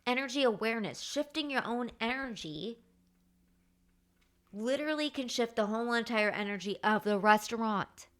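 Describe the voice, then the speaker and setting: Bright-voiced chatty woman host. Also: on the high side, normal speed. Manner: animated, chatty, acts out quoted dialogue. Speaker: podcast host. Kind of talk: casual storytelling monologue.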